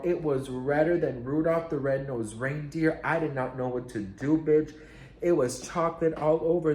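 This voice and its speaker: Sassy man telling a storytime, echoey room. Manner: sassy, dramatic, swearing, big swings in pitch. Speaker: storytime vlogger. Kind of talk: casual storytime monologue.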